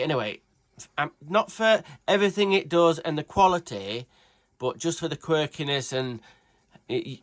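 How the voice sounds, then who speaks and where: A man's voice: a little high, fairly bright tone. A British man hosting a casual tool review vlog, chatty and rambling, swearing freely. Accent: British English. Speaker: tool reviewer, channel host.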